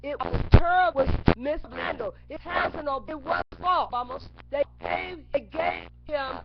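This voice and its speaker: High, lively preaching woman on a webcam. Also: unhurried. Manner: repetitive, chanting words over and over; bursts into shouts. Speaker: webcam speaker. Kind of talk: impassioned preaching monologue. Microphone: webcam mic. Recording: dull lo-fi webcam audio with clear noise.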